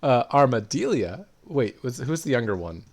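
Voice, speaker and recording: Man recapping a game in an excitable ramble. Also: medium pitch, moderate pace. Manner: rambling, excitable storytelling with lots of fillers. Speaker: player. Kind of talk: recapping a tabletop game session.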